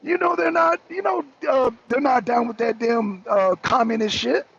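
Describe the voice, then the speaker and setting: An excitable male talk show host with a high voice and a gravelly, raspy grain. He argues heatedly and keeps pressing the same point. The sound is dull and lo-fi. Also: moderate pace. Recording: dull lo-fi recording.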